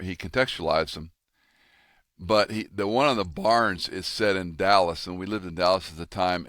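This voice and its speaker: A man in his sixties hosting a conversation, telling stories with lively acted-out quotes. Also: low voice, no echo, clean studio sound. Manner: animated storyteller, acts out quoted voices. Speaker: podcast host and pastor. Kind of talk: casual conversation.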